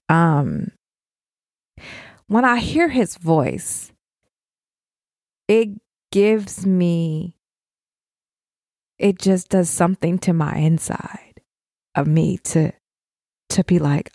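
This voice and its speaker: A middle-aged woman hosts her own podcast, speaking to fellow mothers with raw, heartfelt emotion. Her voice sits low with a gravelly edge. The sound is close and dry, with no room around it. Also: a little mellow, no echo. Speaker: podcast host. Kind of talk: heartfelt casual talk to listeners.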